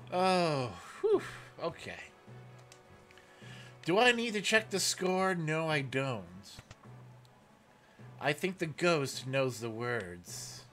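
Excitable man doing game commentary. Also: a little high. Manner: excitable, laughs often, reads dialogue aloud. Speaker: gaming let's player. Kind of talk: let's play commentary. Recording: faint game music behind.

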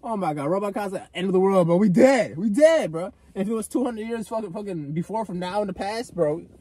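A young man vlogging an unscripted, profane rant to camera, swinging between loud outbursts and low mutters. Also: lively intonation, fairly quick, slightly rough, no echo.

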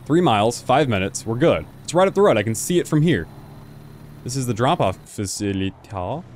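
A man's voice: medium pitch, a little hiss or hum. A young man giving casual gameplay commentary, talking to the other drivers and swearing now and then. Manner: animated, talks to other drivers, frequent exclamations and swearing. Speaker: gaming video host.

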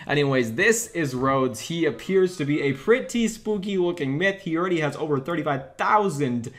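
A man doing excited, nervous gameplay commentary, reading lore aloud and giggling often. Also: a little high, moderate pace. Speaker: gaming YouTuber.

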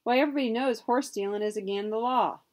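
A woman voicing a blunt frontier justice of the peace who talks in a slow, folksy way. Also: fairly high pitch, natural voice.

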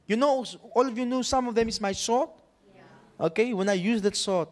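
A man's voice: very high voice, moderate pace. A male pastor preaching animatedly, repeating phrases and checking in with his congregation. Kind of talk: sermon.

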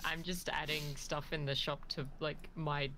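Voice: mid-range voice, level tone, unhurried, bright, forceful tone, slight background noise. A friend playing along on a voice call, chatting casually and laughing at themself. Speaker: streamer friend. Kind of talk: casual gaming chat.

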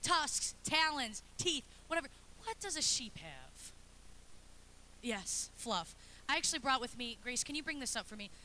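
Bright-voiced, playful woman preaching. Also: high voice, sing-song, moderate pace, a little hiss or hum. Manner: playful, chatty, acts out little scenes. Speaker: pastor's wife preaching. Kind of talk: lively sermon. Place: church sanctuary.

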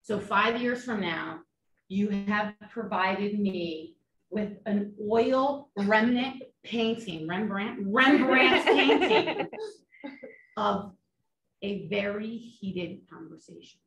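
A middle-aged woman trial attorney teaching a seminar to nurses, animated and full of rhetorical questions. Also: mid-range voice, takes it slowly, a little hiss or hum. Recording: echoey room, distant mic, faint ambience.

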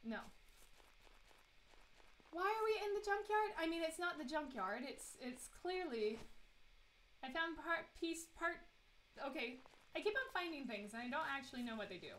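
A woman's voice: sits high, animated, moderate pace, fairly bright tone, slight background noise, poor audio. A woman streaming a horror game live from her desk mic, chatty and giggly, talking to the characters on screen. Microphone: desk microphone.

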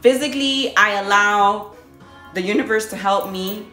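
A woman talking casually on her vlog about her spiritual path, telling stories in an animated way and acting out her own reactions. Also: normal speed. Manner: animated storytelling, laughs often, acts out her own reactions in a high voice. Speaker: body contouring business owner. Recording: echoey room with faint music.

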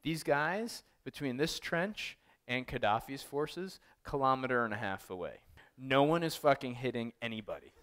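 A man giving a casual artist talk, telling animated, profane, wry stories to an audience, full of fillers. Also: mid-range voice, moderate pace. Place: art gallery talk.

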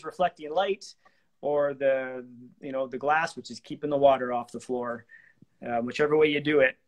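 Brief: man, a touch higher voice, easygoing live-show host, rambles with "um"s. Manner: chatty, relaxed, lots of fillers and restarts. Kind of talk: live-streamed renovation talk show.

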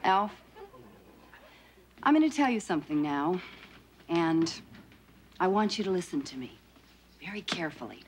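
A woman's voice: medium pitch, animated, measured pace, some chatter behind, lightly acted. A woman playing an exasperated, scolding mother in a 1980s sitcom. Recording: hissy old TV tape with studio laughter.

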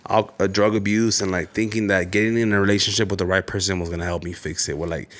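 A man's voice: sits low, steady tone, fast talker. A man, co-hosting a podcast as a casual chat, blunt and profane, telling stories. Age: late 20s to 30s. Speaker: podcast co-host.

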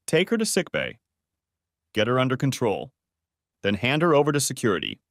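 A man's voice: mid-range voice, sing-song, normal speed, gravelly, fairly bright tone, no room sound, studio quality. A man voicing a stern male ship captain who gives clipped orders in an audiobook. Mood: commanding.

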